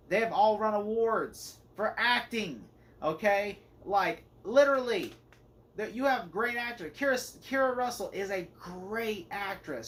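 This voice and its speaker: A man's voice: high-pitched, a bit bright, slight background noise. A man giving a casual spoken movie review, rambling and opinionated and leaning hard on "like" as a filler. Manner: rambling and opinionated, heavy use of "like".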